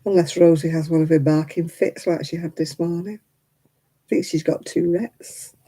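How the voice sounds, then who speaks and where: A woman's voice: fairly low pitch, steady tone, moderate pace, dark tone, slightly rough, low-quality recording. A woman in her seventies chatting casually and rambling with chuckles while she hosts a crafting livestream. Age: 70s. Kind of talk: casual chat.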